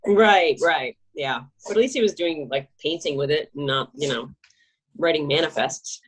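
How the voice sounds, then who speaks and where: Husky, low-toned woman chatting casually. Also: moderate pace. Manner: laid-back, swearing, jokey. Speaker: interview guest. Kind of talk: casual chat.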